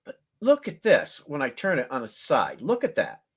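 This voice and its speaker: A man's voice: medium pitch, husky. A man hosting a casual live coin auction, joking and laughing as he praises a coin and calls out bids. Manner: folksy, joking, laughs often; slow, drawn-out calls with animated countdowns.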